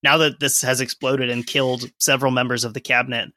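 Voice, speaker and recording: Bright-voiced man chatting on a history podcast. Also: medium pitch, little pitch movement, fast talker, no echo, clean studio sound. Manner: conversational, explains and reads from sources with asides. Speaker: podcast co-host. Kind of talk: casual history podcast chat.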